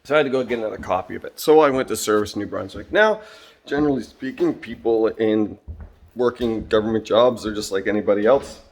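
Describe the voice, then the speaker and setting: A middle-aged man telling a story and reflecting on it in a casual monologue, with lots of fillers and throat-clearing. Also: fairly low pitch, fairly quick. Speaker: vlogger and job-site supervisor.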